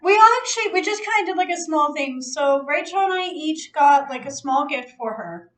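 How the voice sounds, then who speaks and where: A woman's voice: high voice, lively intonation, moderate pace. A woman hosting a casual chat, telling a story with frequent laughter and free swearing. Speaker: host.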